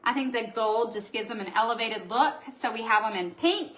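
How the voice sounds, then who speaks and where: A woman chats through a casual live stream from her home. She gushes over each item and answers viewer comments. Her voice is bright and forceful, and sits a little high. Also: fairly quick. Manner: gushing, chatty, reads out viewer comments. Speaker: host of a live craft supply show. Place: indoor room at home.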